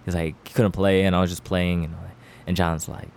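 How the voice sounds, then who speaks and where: A man's voice: sits low, level tone, fairly quick, darkish tone, slight background noise. A man casually telling crude, slangy stories among friends on a podcast, laughing between lines. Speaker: podcast storyteller.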